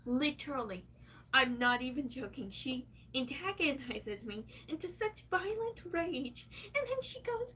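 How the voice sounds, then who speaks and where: A woman's voice: high voice, animated, a little slow, a bit bright, far from the mic, slight background noise. A woman livestreaming, venting in an angry, profane rant.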